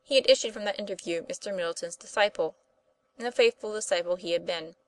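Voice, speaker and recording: A woman reading an old-fashioned children's story aloud in steady narration. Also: medium pitch, fast talker. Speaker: audiobook reader. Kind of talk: scripted narration.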